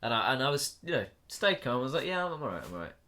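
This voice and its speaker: A young man, co-hosting a podcast, telling a lively anecdote with swearing and laughter. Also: medium pitch, rapid-fire. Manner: animated storyteller, swears and laughs mid-anecdote. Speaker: podcast co-host. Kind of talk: casual chat.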